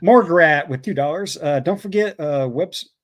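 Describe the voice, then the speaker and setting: Co-host type, man with a slightly raised pitch, loose chatty read of viewer donations. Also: normal speed. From Canada. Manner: reads donor messages aloud with fillers and laughs. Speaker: co-host reading super chats. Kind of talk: casual livestream chat.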